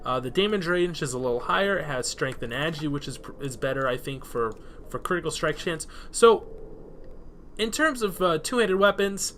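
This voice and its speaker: A man giving rambling, excitable let's play commentary, swearing freely while he plays. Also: a little high, fairly quick, slight background noise. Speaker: gameplay commentator.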